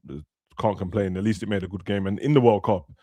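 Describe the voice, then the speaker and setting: A man's voice: lowish voice, fairly even intonation, quick pace, warm tone, no echo. A young man, chatting casually about football and acting out players' words in slangy talk. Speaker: football podcast host. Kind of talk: casual chat.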